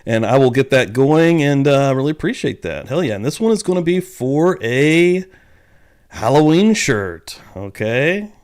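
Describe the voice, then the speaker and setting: A man's voice: mid-range voice, sing-song, measured pace, darkish tone, clean tone. A man hosting a livestream, chatting casually and loosely at his desk mic, with a profane, rambling manner. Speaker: livestream host.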